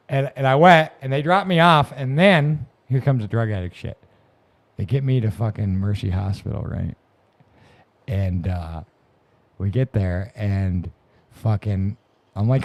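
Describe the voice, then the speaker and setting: A man's voice: lowish voice, normal speed, darkish tone. A man on a podcast, telling his recovery story in a rambling, profane way, with many restarts. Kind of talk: casual storytelling. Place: podcast room.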